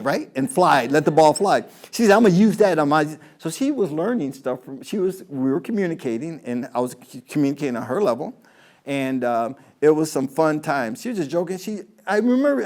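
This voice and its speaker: A man's voice: a little high, a little mellow. Chatty man telling golf stories. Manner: chatty, jokey, many restarts. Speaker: motivational speaker. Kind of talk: storytelling talk to an audience.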